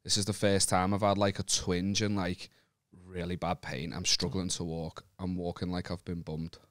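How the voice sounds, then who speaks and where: A man's voice: low voice, level tone, normal speed, fairly bright tone, no room sound, clean studio sound. A northern English man, a podcast co-host telling rambling, self-mocking stories in casual banter. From northern England. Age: 30s.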